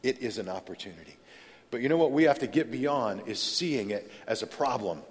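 A man preaching a sermon in a large church, telling stories in a conversational way and swinging from loud to hushed. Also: medium pitch, lively intonation, a little fast. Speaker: pastor. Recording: long reverb of a large hall.

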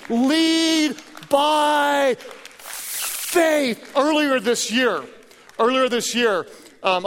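Pastor, male, very high voice, energetic storytelling sermon with jokes, long hall reverb. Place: large church auditorium.

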